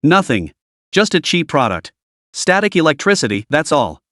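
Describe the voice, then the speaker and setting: A cocky young demon lord in hiding, bluffing offhandedly and snapping curt commands, voiced by a male narrator. His voice sits a little high and sounds dry and close. Told as a comic recap. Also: big pitch swings, moderate pace, fairly bright tone, no room sound.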